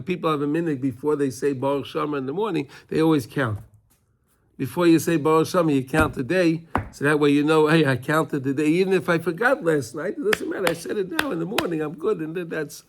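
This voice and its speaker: A man with a somewhat raised pitch leads a casual Torah class in front of students. He talks in a loose, repetitive way and keeps checking in with his listeners to be sure they follow. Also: fairly bright tone. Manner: repetitive, conversational, often checking in with "right?". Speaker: Torah teacher.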